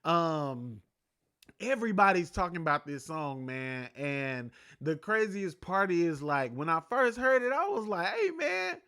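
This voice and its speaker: A man's voice: on the high side, expressive, a little slow, pushed and bright, clean tone. A man hosting his own sports talk show, rambling loosely and profanely in a casual solo chat. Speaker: podcast host.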